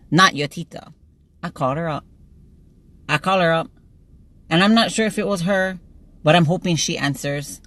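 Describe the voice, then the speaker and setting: Chatty woman with a Hawaiian lilt. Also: low-pitched. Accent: Hawaiian Pidgin-tinged. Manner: animated, laughs often, acts out dialogue. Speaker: vlogger. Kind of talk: chatty storytelling while getting ready.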